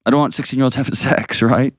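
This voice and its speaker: A man's voice: mid-range voice, fairly even intonation, no room sound, clean studio sound. A man hosting an advice call-in show, earnest and emotional. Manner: earnest, emotional, pauses heavily. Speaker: radio show host.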